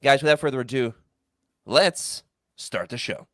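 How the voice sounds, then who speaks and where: A man's voice: medium pitch, animated, measured pace, fairly bright tone, no echo, studio quality. A man hosting a podcast in a casual, playful chat, hamming it up as he talks over a video call. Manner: playful, hams it up. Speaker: podcast host.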